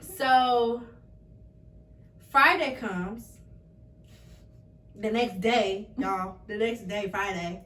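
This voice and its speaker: A nineteen-year-old woman telling a story to her family in a casual chat, lively and quick to laugh, acting out what each person said. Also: medium pitch. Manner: animated, acts out quoted voices, laughs often. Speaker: podcast guest. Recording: echoey room, mic at a distance, faint noise.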